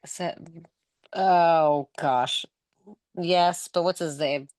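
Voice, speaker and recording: A woman's voice: on the low side, fairly even intonation, extremely slow, a little mellow, no echo, clean studio sound. A woman co-hosting a casual movie podcast, teasing her friend playfully. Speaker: guest co-host. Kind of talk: casual movie review chat.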